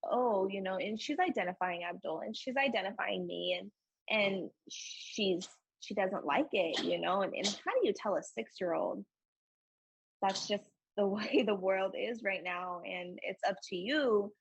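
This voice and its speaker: A young woman speaking as a podcast guest, earnest and emotional in candid conversation, with a husky voice. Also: medium pitch, measured pace, dry recording, muffled recording. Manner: earnest and emotional, frequent fillers and laughs.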